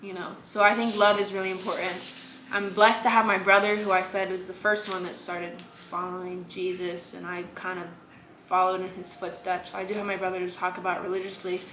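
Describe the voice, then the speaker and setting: A woman's voice: fairly low pitch, flat delivery, fairly quick, a bit bright. A young woman from Virginia, a podcast guest talking candidly and emphatically, with frequent likes and repeated phrases. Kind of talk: candid conversational interview. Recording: echoey room with faint noise.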